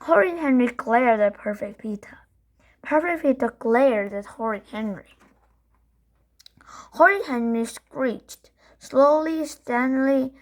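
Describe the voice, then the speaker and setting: A woman reading a children's book aloud in a slow, expressive way. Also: on the high side. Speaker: story reader.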